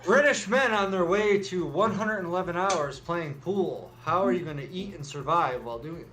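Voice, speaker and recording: A man reads odd news items on a relaxed show, restarting when he trips over words. His voice sits a bit high. A faint room ambience hangs in the background. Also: moderate pace, a little hiss or hum. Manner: reads articles, stumbles and restarts, jokey asides. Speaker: news segment reader. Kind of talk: casual news read on a podcast.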